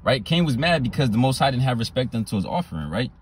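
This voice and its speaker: A man preaching a sermon, repeating his phrases and reading scripture verses slowly and deliberately. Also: medium pitch, big pitch swings, slightly rough. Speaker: street preacher.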